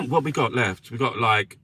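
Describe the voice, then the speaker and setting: Speaking at a measured pace in a mid-range voice, a man reviews newspapers live for his viewers in a casual way. He swears a lot and chats with them through jokey asides, with faint noise in the background.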